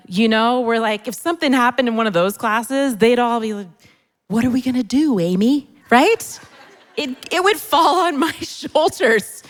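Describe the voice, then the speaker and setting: A middle-aged woman performing self-deprecating stand-up comedy on a church hall stage, chatty and conversational. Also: mid-range voice. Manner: self-deprecating, conversational, pausing for audience laughs. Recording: long hall reverb.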